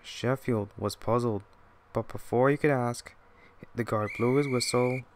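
Slow, plain-spoken male storyteller. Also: medium pitch, fairly even intonation, slight background noise. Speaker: narrator. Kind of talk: storybook narration.

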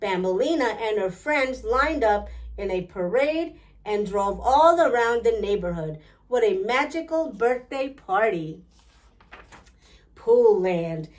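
A woman reading a children's picture book aloud in a slow, clear, deliberate way. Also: fairly high pitch, expressive. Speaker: storytime reader.

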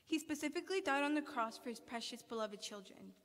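An earnest woman delivers a sermon to an assembled audience, reading scripture and asking pointed questions. Her voice sits fairly high. Long reverb trails each phrase through the hall. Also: animated, quick pace, a bit bright. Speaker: student speaker.

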